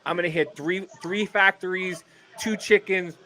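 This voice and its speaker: A man's voice: high-pitched, normal speed. Rambling, swearing man telling stories. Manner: rambling, swearing, animated storytelling. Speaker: guest comedian. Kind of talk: casual podcast chat.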